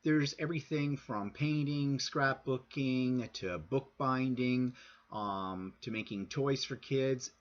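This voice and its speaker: A man's voice: mid-range voice, takes it slowly. Hesitant man with a dull lo-fi sound. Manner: hesitant, many ums. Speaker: vlogger recommending a site. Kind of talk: casual vlog recommendation.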